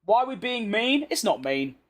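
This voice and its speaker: A young British man with a fairly high voice chats over a racing game, answering his viewers with blunt, cheeky banter. He talks in a loose, unscripted way, often trailing off and restarting. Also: big pitch swings, normal speed. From Britain. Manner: chatty, blunt, reads chat and banters back. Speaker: gaming streamer. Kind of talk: casual commentary over gameplay.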